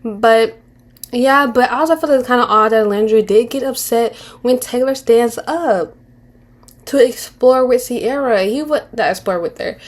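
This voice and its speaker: A woman's voice: a little high, unhurried. A woman in her twenties giving casual commentary on a reality show, candid and slangy, rambling with restarts and mocking impressions. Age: 20s.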